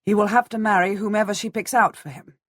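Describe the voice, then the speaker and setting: A woman reading an audiobook, voicing a blunt, matter-of-fact middle-aged nobleman, the heroine's husband, with a husky voice. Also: mid-range voice, fairly even intonation, fast, a bit bright, dry recording, clean studio sound, pitched above the performer's own voice, natural voice.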